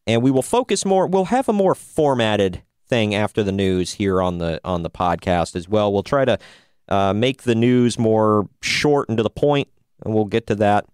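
A male podcast host talks in an upbeat, chatty way and throws in a playful drawn-out "bro" now and then. His voice sounds smooth and clear, and the recording is dry and close. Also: fairly low pitch, a little mellow, dry recording. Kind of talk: casual podcast chat.

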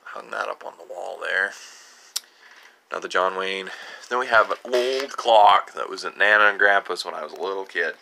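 Showing viewers around his home workshop, this young channel host speaks in a low-pitched, pushed and bright voice with vocal fry at a moderate pace, over a little hiss or hum. His casual tour narration rambles from story to story, with frequent chuckles.

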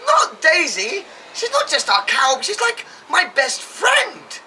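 A naive, gushing young lad whose voice shoots up with every surprise, as a man puts him on. Bright and bouncy, it leaps from high to low in a comic pantomime. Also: very animated, unhurried, far from the mic, slight background noise, heavily acted. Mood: distraught. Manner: wide-eyed and gushing.

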